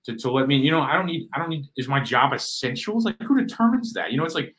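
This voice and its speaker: A man chatting as a podcast guest, animated and swearing, acting out voices and often saying "bro". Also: mid-range voice, fast, noisy background. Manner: animated, swears, acts out quoted voices, says "bro" a lot. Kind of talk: casual chat.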